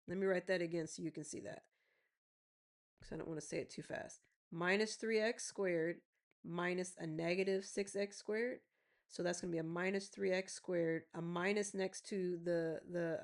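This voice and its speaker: A woman's voice: lowish voice, a bit bright. A woman math teacher, working through a lesson step by step, repeating key phrases and checking in with her students. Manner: repeats phrases, checks in with "right?" and "y'all see?"; slows down to spell out terms.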